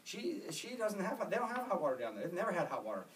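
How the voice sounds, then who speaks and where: A man giving a motivational talk to an audience, energetic and emphatic, with repeated phrases. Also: high voice, quick pace, a little hiss or hum. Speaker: motivational speaker. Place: office meeting room. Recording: distant mic in a room.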